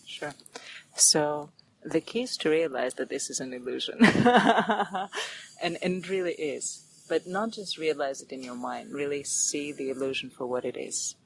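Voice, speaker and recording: A woman speaking as a podcast guest on spiritual topics, earnest and animated, sometimes dropping into a whisper for emphasis. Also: low voice, measured pace, vocal fry, a little hiss or hum, rough recording. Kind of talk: spiritual interview talk.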